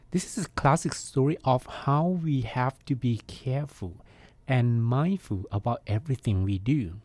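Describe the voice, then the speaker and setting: A man, a Buddhist monk, hosting a podcast and giving a calm, reflective meditation talk. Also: mid-range voice, normal speed, no room sound.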